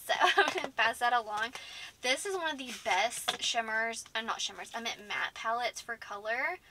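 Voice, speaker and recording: A woman in her thirties chats to camera in a fairly high voice. She is talkative and indecisive and laughs often. A steady background noise sits under her voice in a home recording. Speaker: beauty vlogger. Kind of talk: casual chat to camera.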